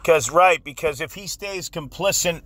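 Angry, bright-voiced man ranting. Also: fairly high pitch, normal speed. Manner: angry and insistent, repeats himself, laughs often. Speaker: channel host. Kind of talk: heated commentary rant.

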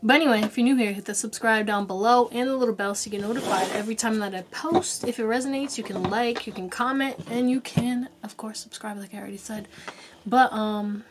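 A woman's voice: a little high, brisk, slight background noise. A woman giving a casual pick-a-card tarot reading to her viewers. She talks directly and encouragingly, repeats short commands, swears casually and laughs at herself. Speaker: tarot reader.

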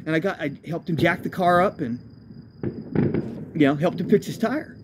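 A man's voice: a little high, normal speed, background noise. A man, a homeless traveler, telling his own road story in a loose, profane, self-correcting way. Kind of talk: rambling spoken storytelling.

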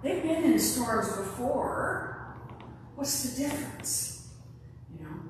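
A woman preaching a sermon in a relaxed, conversational way, now and then acting out quoted lines. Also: sits high, slow, noisy background. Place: large echoey church. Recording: echoey church from far off.

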